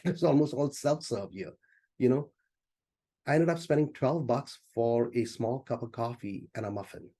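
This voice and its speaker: A man's voice: medium pitch, mellow. A man as a business coach, teaching in a loose, conversational way during an online session and often saying "you know".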